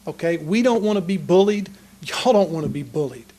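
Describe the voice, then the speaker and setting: A man's voice: on the high side, animated, brisk, dark tone. A man giving an earnest, passionate public comment speech at a council meeting. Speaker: citizen speaking at a city council meeting. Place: council chamber.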